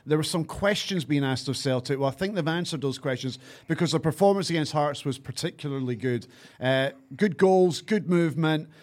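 A man's voice: on the high side, fairly quick. Scottish man presenting a podcast. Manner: steady presenter, reads sponsor lines. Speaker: podcast host. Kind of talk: podcast hosting.

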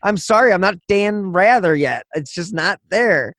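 A man's voice: sits high, lively intonation, a little slow, fairly bright tone, no echo, clean studio sound. Blunt, swearing podcast host man. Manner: blunt, profane, ranting. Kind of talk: casual interview chat.

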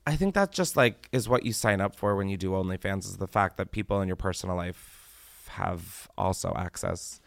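A man hosting a podcast in casual chat, joking and animated, his voice jumping from loud squeals down to low mutters. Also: normal speed, gravelly, dry recording. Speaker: podcast host.

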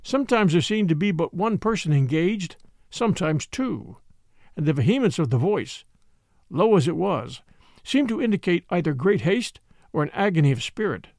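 A man narrating a classic story in an expressive reading, voicing the characters. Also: high voice, normal speed, no echo, studio quality. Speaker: audiobook narrator.

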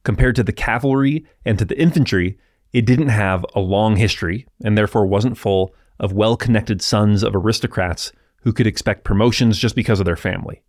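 A man hosting a history podcast, narrating in a relaxed, explanatory way with asides to the listener. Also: on the low side, brisk, dry recording, studio quality.

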